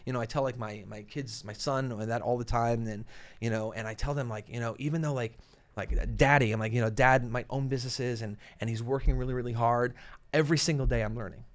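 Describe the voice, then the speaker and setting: A man's voice: mid-range voice, steady tone. A man with a Long Island accent hosting a podcast, chatting with a guest in an enthusiastic, encouraging way. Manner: enthusiastic, encouraging, talks in quick bursts. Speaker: podcast host. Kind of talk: casual interview chat.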